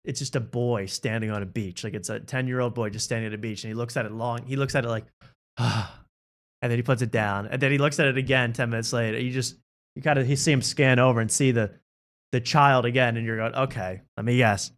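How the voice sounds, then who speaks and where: A man's voice: mid-range voice, steady tone, fast talker, a bit bright. Rambling comedic male talk show host. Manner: rambling, riffing, laughs at own bits. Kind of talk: casual comedic chat.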